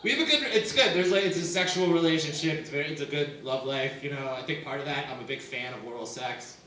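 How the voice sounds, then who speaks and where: In a small comedy venue with an audience, a young comic talks fast in a fairly high, pushed, bright voice, joking at his own expense and leaning on fillers like "like" and "you know." The distant mic gives very echoey sound with slight background noise.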